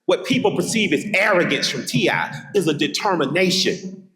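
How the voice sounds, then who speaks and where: A man's voice: sits high, animated, normal speed, fairly bright tone. Southern man giving an echoing keynote. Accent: Southern US, Atlanta. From Atlanta, Georgia. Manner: emphatic, rhythmic repetition, vivid storytelling. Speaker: keynote speaker. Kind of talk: keynote speech with personal storytelling. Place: large hall at a college. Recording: echoey hall with long reverb.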